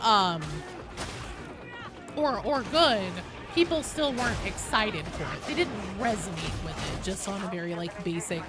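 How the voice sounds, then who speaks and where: A woman's voice: mid-range voice, animated, a little slow. A woman game streamer chatting casually with her viewers while playing, swearing freely and greeting people in chat. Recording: game music playing behind the voice.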